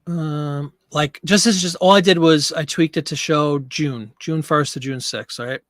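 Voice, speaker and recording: A man's voice: fairly high pitch, unhurried, a bit bright, no room sound. Man, live stream host, casual chat, a little out of breath, dry close sound. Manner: chatty, reads viewer comments. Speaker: livestream host.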